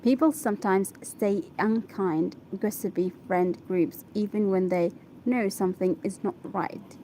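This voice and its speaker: A woman whose first language is Arabic practices English by reading an article aloud, pausing to sound out and repeat difficult words and check her pronunciation. Her mid-range voice is warm and measured in pace, with slight background noise.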